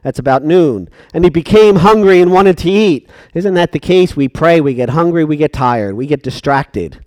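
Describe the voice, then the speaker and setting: High-voiced man preaching a sermon. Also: animated, moderate pace, a little mellow, no room sound. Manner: emphatic, asks the congregation rhetorical questions.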